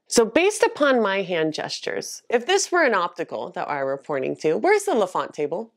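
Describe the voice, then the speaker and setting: A woman coaching optical staff in an instructional video, animated and expressive, acting out example lines to a patient. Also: mid-range voice, normal speed, few pauses.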